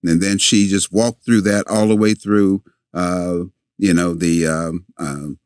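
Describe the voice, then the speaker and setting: An older man, a podcast guest, telling a long story in a halting way with many fillers and restarts. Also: low voice, fairly even intonation, darkish tone, clean tone, no echo, studio quality.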